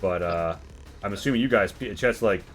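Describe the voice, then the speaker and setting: A man narrating a tabletop role-playing game as game master, relaxed with many fillers. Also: deep voice, normal speed, faint music behind.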